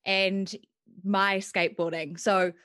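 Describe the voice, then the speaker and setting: A woman's voice: medium pitch, flat delivery, takes it slowly, fairly bright tone. A woman co-hosting a podcast, chatting in a teasing, friendly way. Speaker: podcast co-host. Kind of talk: casual podcast chat.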